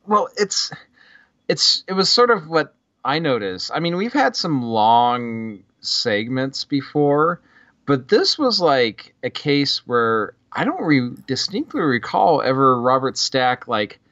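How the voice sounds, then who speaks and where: A man's voice: mid-range voice, sing-song, slow pace, fairly bright tone, no room sound, lo-fi sound. A man co-hosting a podcast in casual chat, dry and a bit hesitant with a wry edge. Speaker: podcast co-host. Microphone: computer mic on a video call.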